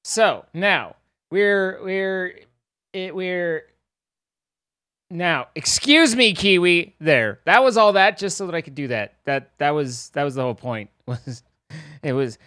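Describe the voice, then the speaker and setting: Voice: medium pitch, slow pace, clear, resonant tone, no room sound, clean studio sound. A live streamer chatting casually with viewers, rambling and teasing them playfully. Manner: rambling, animated.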